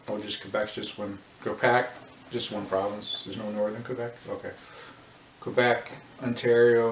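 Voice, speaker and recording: A man's voice: fairly low pitch, distant mic. A man vlogging in a casual joking monologue, rambling and thinking aloud with a self-mocking manner. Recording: roomy echo with faint noise.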